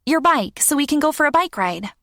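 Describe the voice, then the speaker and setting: A bright, quick young girl, eager and earnest, pitched well above the narrator's low voice, as a woman puts her on. Her lines come fast and pleading, full of a child's lift. The recording is dry and close. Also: animated, no echo. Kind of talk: audiobook character voice.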